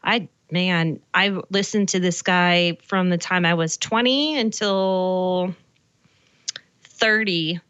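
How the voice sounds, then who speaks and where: A woman's voice: fairly low pitch, slow pace, a bit bright, clear, resonant tone, no room sound, dull audio. A woman in her forties from Colorado, co-hosting a show in casual chat, talking chattily with many fillers. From Colorado, USA. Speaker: show co-host.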